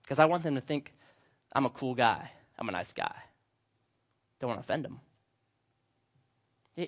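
A middle-aged man preaching a sermon as pastor, telling stories with animated quoted voices. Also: high voice, dull audio.

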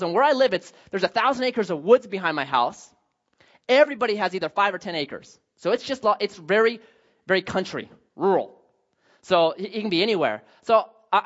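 A man in his thirties telling a personal family story as a sermon, animated and self-deprecating, acting out the voices of his family. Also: high-pitched, highs cut off.

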